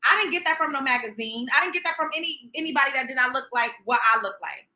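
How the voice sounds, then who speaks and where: A woman's voice: high voice, fast, bright, forceful tone. A woman hosting a livestream, reacting in a profane, sarcastic, emphatic rant. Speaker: livestream host. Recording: roomy echo.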